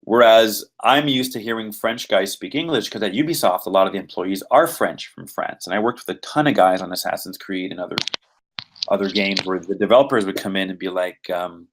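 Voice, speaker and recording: A man's voice: deep voice, brisk. A man from Quebec, an actor talking through his roles in a rambling podcast interview full of fillers. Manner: rambling, animated, many fillers. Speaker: voice and motion capture actor.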